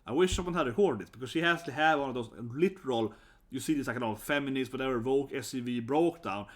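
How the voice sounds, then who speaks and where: A man's voice: medium pitch, fast talker. A man in his thirties from Sweden with a Swedish accent, telling a story in a blunt, casual vlog. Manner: animated, blunt, swears and laughs often. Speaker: vlogger.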